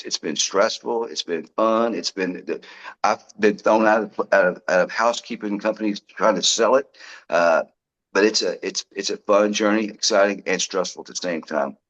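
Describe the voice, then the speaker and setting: A man, a guest in an interview, telling his story in a lively way and acting out what people said. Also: low voice, muffled recording. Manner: lively storyteller who acts out quoted dialogue. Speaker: guest, product founder.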